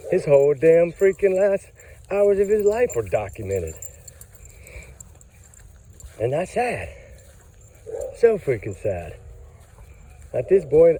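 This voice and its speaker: A man's voice: medium pitch, dark tone, breathy edge, poor audio. A man, out of breath and tired, ranting angrily in casual commentary about a case. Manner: heated, ranting, emphatic. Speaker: true crime commentator.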